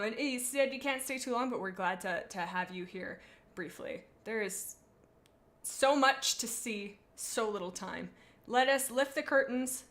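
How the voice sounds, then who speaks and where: A woman's voice: on the high side, a little slow, a bit bright. A young woman streamer chatting playfully and dramatically while rating viewers' pet cats, rambling with silly asides. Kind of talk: casual livestream chat.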